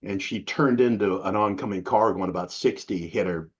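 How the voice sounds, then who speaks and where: Rambling husky middle-aged man, dude-speak. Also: on the low side, moderate pace. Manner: rambling, profane, says "dude" a lot. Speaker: interview guest. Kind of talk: casual interview chat. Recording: dull lo-fi recording.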